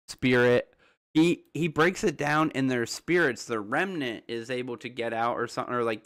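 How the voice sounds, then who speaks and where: A man's voice: mid-range voice, fairly bright tone. A man hosting a livestream, rambling through theories in loose casual chat, full of fillers and asides to viewers. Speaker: livestream host.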